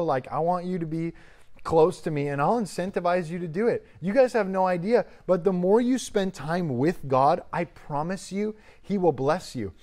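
A man's voice: on the high side, a little mellow. A man in his thirties preaching a sermon as a youth pastor, emphatic with rising bursts of energy.

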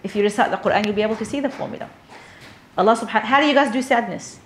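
Australian woman, religious teacher, conversational talk with audience questions; slightly high voice, faint noise. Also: very fast. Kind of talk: sermon to women's gathering.

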